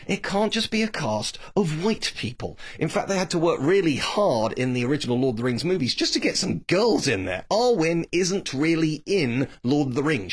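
A man talking in a casual, opinionated monologue, his pitch swinging up and down as he makes his points. He is blunt and waves away the views he dislikes, with a middle-pitched voice. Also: husky. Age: adult, grew up reading Tolkien. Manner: blunt, opinionated, dismissive asides. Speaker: TV series commentator.

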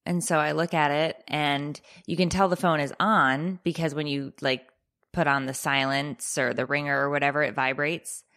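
A woman co-hosting a podcast, telling an exasperating story in a casual, profane, deadpan-sarcastic way. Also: low-pitched, moderate pace. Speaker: podcast co-host.

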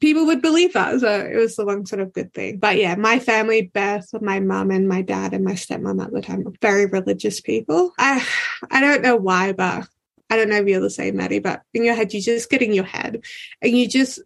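A woman's voice: medium pitch, fairly quick, vocal fry. A young woman, talking frankly as a guest, with lots of "like" and casual swearing. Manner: frank, heavy use of filler "like", casual swearing. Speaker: podcast guest. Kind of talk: candid conversational storytelling.

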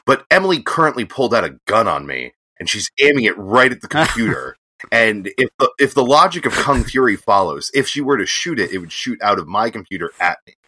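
A man's voice: lowish voice, sing-song, brisk, few pauses, pushed and bright, slightly rough. A man co-hosting a podcast in casual chat, joking playfully and laughing often. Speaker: podcast co-host.

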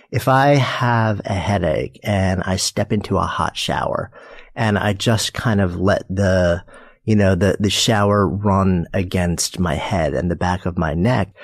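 Man, very low voice, gravelly, dry sound, thoughtful host. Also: dry recording. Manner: thoughtful, restarts and hedges while asking. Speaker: interview host. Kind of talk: conversational interview.

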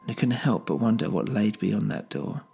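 A man narrating a story in the first person, measured and low-key. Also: lively intonation, creaky, warm tone, slightly rough, faint music behind. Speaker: narrator and host.

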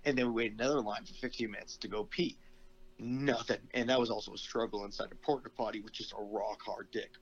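A man's voice: lowish voice, steady tone, breathy edge, lo-fi sound. A young man chatting as a podcast guest, telling a long anecdote with lots of swearing and laughter. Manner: profane, laughing anecdote with quick asides. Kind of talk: casual storytelling.

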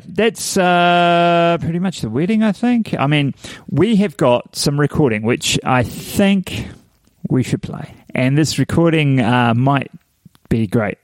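A man's voice: medium pitch, no room sound. A man hosting a podcast, talking casually and rambling, with plenty of fillers. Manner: rambling and chatty, with many fillers and laughs. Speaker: podcast host. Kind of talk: casual chat.

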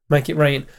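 A man co-hosting a podcast, teasing his co-host and swearing freely in casual chat. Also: a little high.

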